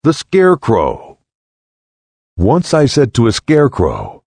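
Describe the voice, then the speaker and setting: A man reading parables aloud in a solemn, deliberate storytelling voice. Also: huge pitch swings, a little mellow, dry recording. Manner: solemn, deliberate, with wide swings in pitch. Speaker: narrator. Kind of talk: slow dramatic reading of parables.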